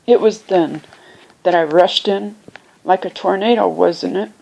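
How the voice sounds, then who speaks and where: Woman slowly reading a storybook aloud, a bit of fry in her voice, stops to explain words sometimes. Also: mellow, a little hiss or hum, rough recording. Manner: unhurried reading, voices characters with raised pitch. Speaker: reader. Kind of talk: amateur audiobook reading.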